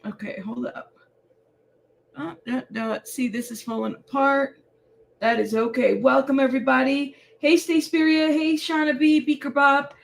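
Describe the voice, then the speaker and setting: A woman's voice: high-pitched, fairly even intonation, normal speed, creaky. A tired woman hosting a casual livestream and greeting viewers by name. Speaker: livestream host.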